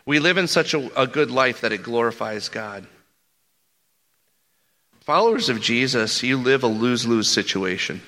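A male pastor preaching and telling stories, animated, rising in pitch for emphasis and repeating words as he builds a point. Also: normal speed, long pauses. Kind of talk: sermon with storytelling.

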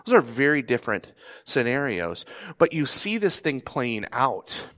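A man, a pastor, preaching a sermon in a conversational way, now and then acting out pleading voices in a sharply raised pitch. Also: sing-song, moderate pace, fairly bright tone.

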